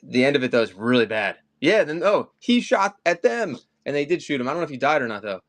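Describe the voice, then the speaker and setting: Very animated and fairly quick, this man has a fairly high, fairly bright voice as he hosts a live collectibles sale. He chats casually and rambles off topic between items.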